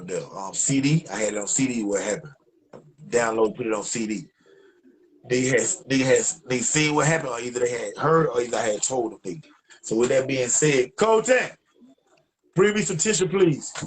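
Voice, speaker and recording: A young man with an Atlanta, Georgia accent, telling a story in a casual, animated and profane way and acting out the other voices. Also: mid-range voice, a little hiss or hum, rough recording.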